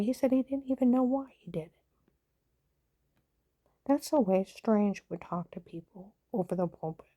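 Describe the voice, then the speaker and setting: A woman's voice: medium pitch, normal speed, dark tone. A woman telling a long personal story in a heated, repetitive way, swearing bluntly and often repeating "I said.". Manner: heated, repetitive retelling with frequent "I said". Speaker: vlogger.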